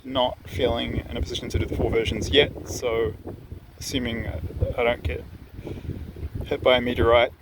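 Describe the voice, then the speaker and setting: A man's voice: medium pitch, little pitch movement, moderate pace. A man vlogging outdoors, talking casually and rambling with many restarts and asides. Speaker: vlogger sharing dreams. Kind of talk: casual outdoor vlog monologue. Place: outdoors on a windy hillside. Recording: wind noise on the mic. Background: wind.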